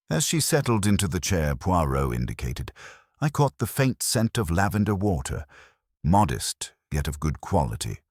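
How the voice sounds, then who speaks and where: A man narrating a story in the first person, in a measured, formal way. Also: very deep voice, husky, no echo, studio quality.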